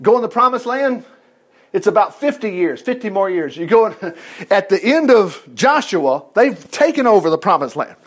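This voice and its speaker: High, lively-voiced male preacher. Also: moderate pace. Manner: animated, acts out quoted voices. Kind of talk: conversational sermon. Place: indoor room with a congregation.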